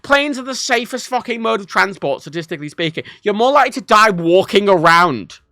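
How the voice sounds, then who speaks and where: A man's voice: high-pitched, animated, brisk, pushed and bright, dry recording, studio quality. A young man streaming a game, talking casually in a profane, opinionated rant. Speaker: livestreamer. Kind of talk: casual gameplay stream commentary.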